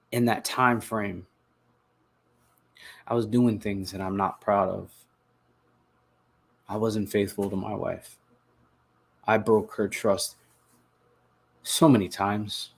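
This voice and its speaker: Man, podcast host, husky gravelly voice, earnest halting confessional delivery. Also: fairly low pitch. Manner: earnest, halting, with repeated words and restarts. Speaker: podcast host telling his recovery story. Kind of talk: confessional personal narration.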